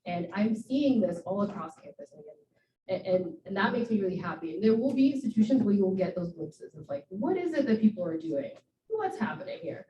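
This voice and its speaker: A woman's voice: medium pitch, very animated, brisk, dark tone, a little hiss or hum. A woman in her thirties giving an earnest, encouraging informal talk to students, with frequent fillers. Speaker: guest speaker. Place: event room. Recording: dull, roomy sound from a distance.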